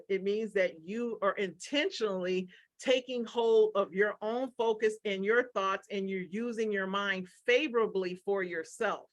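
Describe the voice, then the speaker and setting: Woman presenter, mid-range pitch, emphatic motivational coach on a webinar call. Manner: energetic and emphatic, acting out quoted remarks in exaggerated voices; repeats key phrases, with frequent "right?" asides.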